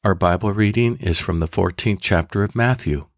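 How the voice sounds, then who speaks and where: Low-voiced man leading guided prayer. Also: no echo, clean studio sound. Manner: measured, deliberate instructions. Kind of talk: guided devotional meditation.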